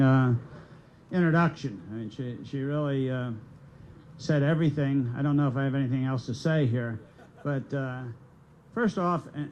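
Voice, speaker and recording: A man in his sixties speaks as a candidate at an outdoor rally, his voice sitting notably high for a man. He begins haltingly, leaning on fillers and repeated words, then builds into earnest, rising fervor. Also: a little mellow, lo-fi sound, a little hiss or hum. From United States. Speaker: political candidate. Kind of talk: rally speech.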